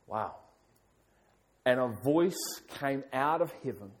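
Middle-aged guy preaching a sermon, emphatic, keeps repeating phrases, regular pitch. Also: lively intonation, slow pace, pauses often. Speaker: pastor.

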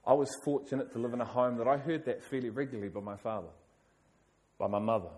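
A man's voice: medium pitch, fast talker, a little mellow. A middle-aged male pastor preaching a sermon, stressing his points by repeating key phrases.

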